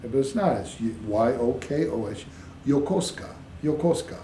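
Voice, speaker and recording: A man's voice: mid-range voice, moderate pace, mellow. A man being interviewed, explaining patiently like a teacher and spelling words out letter by letter. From United States. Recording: echoey room with faint background hiss.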